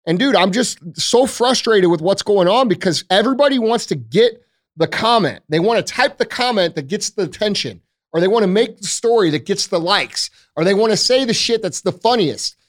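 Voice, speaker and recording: A man's voice: sits high, expressive, normal speed. A man hosting a talk show, ranting in an emphatic, profane, frustrated way to the camera. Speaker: podcast host. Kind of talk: heated casual talk.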